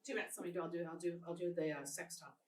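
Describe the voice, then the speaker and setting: A woman's voice: fairly low pitch, fairly even intonation, rapid-fire, heavy background noise. A woman in her fifties performing a stand-up comedy set at a live show, telling stories animatedly with restarts and punchy endings. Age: 50s. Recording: roomy live room, mic from a distance. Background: audience laughter.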